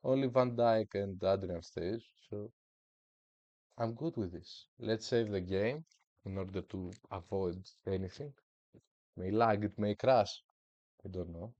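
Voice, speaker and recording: A man's voice: fairly low pitch, measured pace, darkish tone, no echo, dull audio. A man giving casual, hyped commentary while streaming a football management game, with playful, slangy trash talk. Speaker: gaming streamer.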